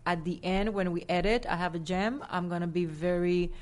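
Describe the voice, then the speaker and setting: A woman from Rico, a guest telling an animated story in a casual interview, acting out what people said. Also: on the low side. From Puerto Rico. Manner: animated, acts out quoted dialogue, fast bursts. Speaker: actress and guest.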